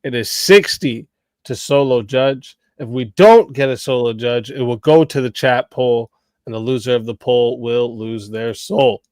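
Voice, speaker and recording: Smooth-voiced man hosting a debate stream. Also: mid-range voice, unhurried, darkish tone, dry recording. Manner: casual, says bro a lot. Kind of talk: live stream moderating.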